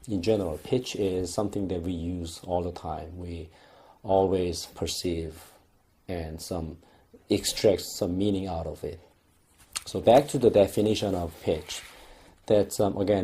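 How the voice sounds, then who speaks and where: A young man with a low, somewhat husky voice lectures at an unhurried pace, pausing often and rephrasing as he explains. His tone is dark and mellow throughout. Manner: unhurried explaining with frequent fillers and restarts. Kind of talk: recorded lecture.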